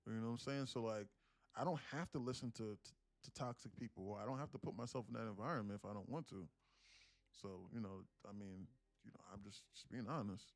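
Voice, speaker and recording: A man's voice: on the low side, fast talker, no echo. A young man from South Carolina chatting casually on a live stream as a day trader, sarcastic and rambling, often restarting his sentences. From South Carolina, USA.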